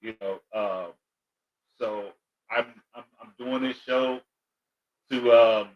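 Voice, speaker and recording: A man, a comedian guest on a podcast, talking candidly in relaxed chat and stumbling over his words. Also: medium pitch, takes it slowly, lo-fi sound.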